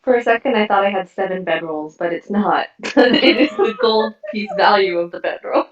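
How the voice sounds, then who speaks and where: A woman's voice: medium pitch, sing-song, normal speed, music in the background. A woman playing a tabletop game in casual chat, giggly and casually swearing. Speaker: player. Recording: roomy, distant, dull sound.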